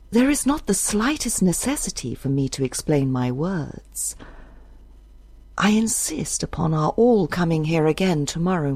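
A woman's voice: fairly low pitch, vocal fry, a little mellow, husky, no echo, heavily acted. A woman voicing a frail but insistent older widow who speaks formally in an audiobook.

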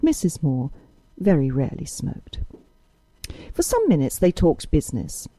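A woman narrating a novel in a measured storytelling manner. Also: sits low, wildly swooping pitch, warm tone, dry recording, low-quality recording. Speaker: audiobook narrator. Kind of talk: scripted narration.

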